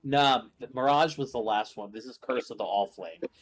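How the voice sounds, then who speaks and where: A man's voice: medium pitch, fairly quick, a little hiss or hum. A young man hosting a gaming stream, chatting casually and greeting viewers as he plays. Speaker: streamer host.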